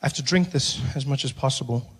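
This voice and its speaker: A middle-aged man from South Africa performing a stand-up routine, telling a story in an animated way, acting out other voices and dropping to a soft hush for jokes. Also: medium pitch, quick pace, breathy edge. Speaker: stand-up comedian. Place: stage.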